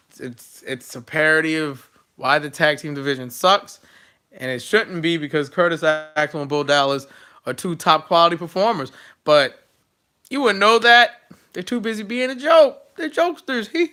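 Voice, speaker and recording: Guy ranting about wrestling, sarcastic and fed up, highish bright voice. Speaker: wrestling show reviewer. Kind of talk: casual opinionated recap.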